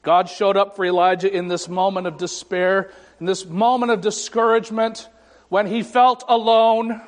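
A man preaching a sermon as pastor, slow and deliberate with dramatic pauses and wry, self-deprecating humor. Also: sits high, level tone. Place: church sanctuary. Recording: echoey sanctuary reverb.

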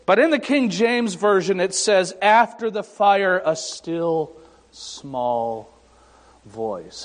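A male pastor delivers a sermon in a church sanctuary, his fairly high voice unhurried and full of deliberate pauses. His words ring with a long reverb from the hall around him. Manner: dramatic pauses, voices scripture and God with rising emphasis.

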